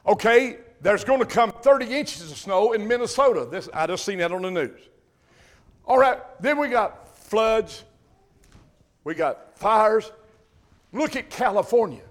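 An older man, preaching a sermon with impassioned bursts of loudness on key words. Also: high voice, animated, measured pace. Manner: impassioned preaching, swells loud on emphasis. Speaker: pastor.

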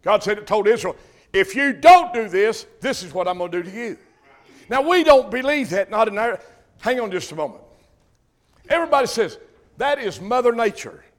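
High-pitched older preacher, impassioned. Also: male voice, animated, moderate pace. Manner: impassioned preaching, swells loud on emphasis. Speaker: pastor. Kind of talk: sermon.

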